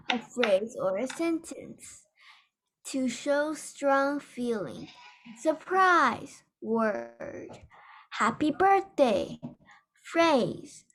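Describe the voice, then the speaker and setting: A woman student reading a textbook aloud at a slow, careful pace. Her voice sits slightly high, and she stumbles on a word now and then. The sound comes through a video call. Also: darkish tone.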